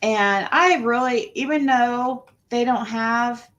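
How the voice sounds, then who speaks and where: A woman's voice: a little high, slow, a bit bright, muffled recording. A woman hosting a casual livestream, greeting viewers and talking in a rambling way, often trailing off and restarting her sentences. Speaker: livestream host.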